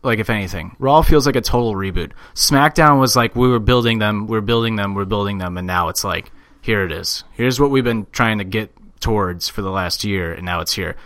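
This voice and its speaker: A man's voice: fairly low pitch, a little fast, a bit bright, no room sound. A man co-hosting a laid-back podcast from a small room. He talks loosely and swears freely, now and then slipping into a mocking voice. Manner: loose, profane, does mock voices. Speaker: podcast co-host. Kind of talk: casual wrestling podcast chat.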